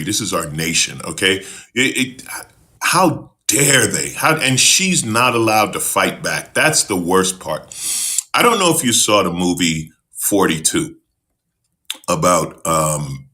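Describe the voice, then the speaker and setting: A man's voice: sits low, pushed and bright. A man hosting a show, delivering a heated, profane political rant that stumbles over repeated words. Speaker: host.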